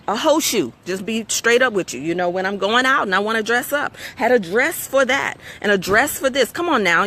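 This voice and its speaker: Bright-voiced woman giving a motivational talk. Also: fairly high pitch. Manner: conversational, preachy, asks audience for agreement. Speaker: host. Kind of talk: live-streamed motivational talk.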